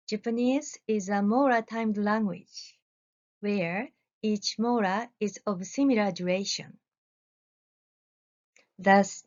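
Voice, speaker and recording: Slow, measured woman presenting research. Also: mid-range voice, dull audio. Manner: measured, deliberate reading with careful pauses. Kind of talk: recorded academic presentation.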